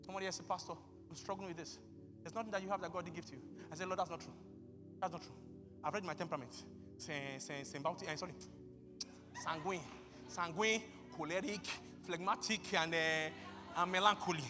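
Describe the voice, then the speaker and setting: A pastor preaching a sermon, bursting into shouts and acting out conversations with God. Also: male voice, sits high, steady tone, brisk, pauses often, long reverb tail, over music. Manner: acts out dialogues with God.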